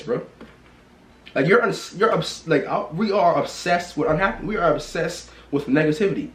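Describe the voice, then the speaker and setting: A man's voice: animated, moderate pace. Man ranting bluntly in a roomy space. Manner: blunt, repetitive, swings from loud exclamations to low mutters. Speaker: vlogger. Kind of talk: casual rant to camera.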